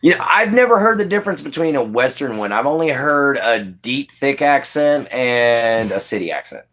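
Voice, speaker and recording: A man's voice: mid-range voice, expressive, moderate pace, a bit bright. A man hosting a casual livestream, chatting with viewers by name and laughing often. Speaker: livestream host.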